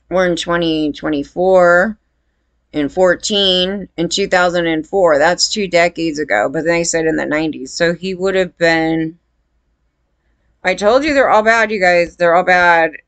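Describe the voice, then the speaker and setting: A woman's voice: lowish voice, unhurried, fairly bright tone, dry recording. A woman talking to her viewers in a rambling, indignant casual monologue, full of fillers. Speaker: vlogger.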